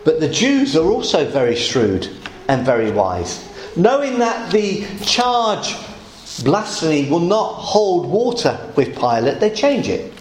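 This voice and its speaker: Male preacher in a hall, emphatic and animated, high voice. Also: slow pace, a little hiss or hum. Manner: animated, emphatic, explaining step by step. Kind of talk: sermon.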